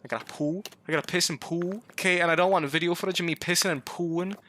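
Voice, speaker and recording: A man's voice: high voice, fairly even intonation, quick pace, a bit bright. A man giving comic let's-play commentary, pleading with his car and joking, breaking into yelps and swearing. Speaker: gaming YouTuber.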